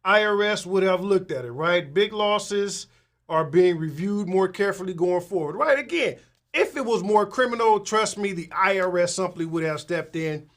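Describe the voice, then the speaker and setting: A male tax professional chats casually with his audience at a moderate pace in a high voice. He rambles, restarts often, keeps asking "right?", and grows animated when recounting conversations.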